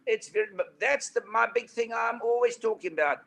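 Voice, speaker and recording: A man in his eighties with a South African accent, telling anecdotes as an interview guest in a lively, animated way. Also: very high-pitched, brisk, creaky, heavy background noise. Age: 80s. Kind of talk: storytelling interview. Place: indoor studio couch.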